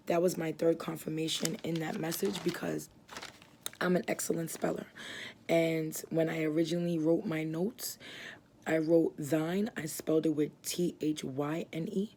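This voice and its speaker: Low gravelly young woman giving testimony. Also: fairly even intonation, warm tone, a little hiss or hum. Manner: earnest, halting, many fillers and restarts. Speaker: ministry founder giving testimony. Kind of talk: personal religious testimony.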